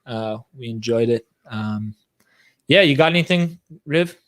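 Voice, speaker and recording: A man's voice: mid-range voice, animated, measured pace. A man co-hosting a casual podcast, telling a funny road-trip story in a laid-back way, laughing often and calling his friends bro. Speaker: podcast co-host.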